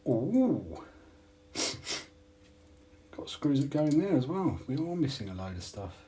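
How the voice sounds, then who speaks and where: A man's voice: medium pitch, very animated, fast talker, warm tone, slight background noise. A man from the UK hosting a hobby channel, chatting casually with viewers while unboxing parts, self-deprecating and laughing often.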